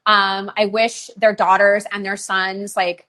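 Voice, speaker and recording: A woman hosting a live shopping stream for roses, chatting casually with lots of fillers and pauses. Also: mid-range voice, level tone, pushed and bright. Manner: chatty, many fillers, emotional at times. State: tearful. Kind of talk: live sales stream chat. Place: rose farm, humid.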